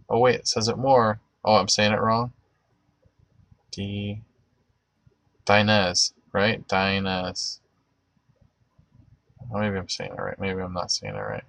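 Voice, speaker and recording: A man with a low, gravelly voice hosts a livestream, praying and then chatting with his viewers. He talks haltingly, full of fillers and restarts, and chuckles as he goes. The sound is dry and close. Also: no room sound. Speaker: livestream host. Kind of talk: closing prayer and live chat with viewers.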